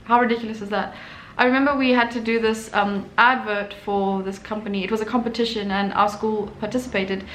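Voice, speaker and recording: A woman's voice: mid-range voice, fairly even intonation, a little fast, few pauses. A young adult woman, an artist hosting her own channel, telling a personal story in a chatty way with many fillers and restarts. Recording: echoey room with faint noise.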